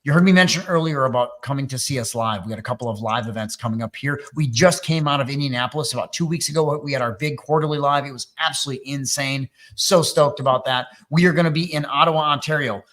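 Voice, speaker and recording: A man's voice: medium pitch, fast talker, few pauses, fairly bright tone. A man from Wisconsin hosting a business coaching webinar, talking loosely and joking with fillers. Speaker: webinar host and MSP coach. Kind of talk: energetic webinar talk.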